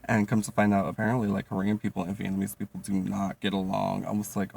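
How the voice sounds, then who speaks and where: Man, 30s, low gravelly voice, profane casual storyteller. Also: brisk, few pauses, a little hiss or hum. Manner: profane, animated, lots of fillers.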